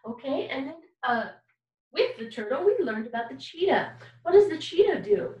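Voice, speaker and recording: A woman's voice: high-pitched, very animated, moderate pace, echoey room, recorded from a distance, poor audio. A woman teaching a kindergarten music lesson, patient and encouraging, asking children questions and singing examples. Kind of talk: recorded online music lesson for young children.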